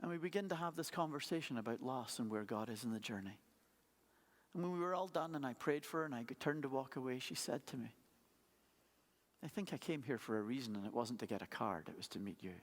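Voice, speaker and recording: A pastor preaching a sermon, telling stories in a conversational way with playful asides. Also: male voice, medium pitch, animated, fast talker. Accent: non-local accent. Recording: long hall reverb.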